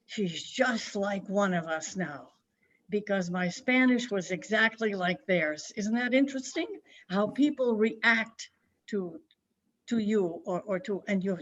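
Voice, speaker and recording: A woman's voice: medium pitch, lo-fi sound. A woman on a webinar panel reflectively tells a personal story over a video call, with rambling restarts. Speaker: panel speaker.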